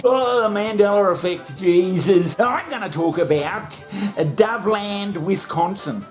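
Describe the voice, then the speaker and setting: A man's voice: high voice, expressive, a little slow, soft background music. A man hosting a comedy show, bantering crudely with himself, swearing and laughing at his own jokes. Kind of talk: comic monologue, bantering with himself.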